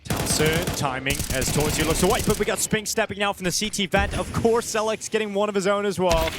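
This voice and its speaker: A man calling live esports play-by-play, energetic and rising with the action. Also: high voice, a little fast, noisy background. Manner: energetic, building excitement on big plays. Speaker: esports commentator.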